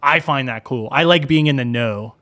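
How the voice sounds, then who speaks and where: A man's voice: mid-range voice, normal speed. A young man co-hosting a podcast, chatting casually and rambling with lots of fillers. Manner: relaxed, rambling, lots of "like" and "dude". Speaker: podcast co-host. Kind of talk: casual chat.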